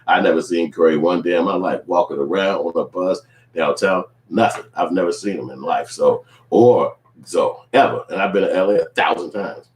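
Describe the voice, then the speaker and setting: A man's voice: sits low, moderate pace, roomy sound, poor audio. Blunt, profane man. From Chicago. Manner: profane, blunt, animated storytelling. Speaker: YouTube commentator. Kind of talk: casual commentary vlog.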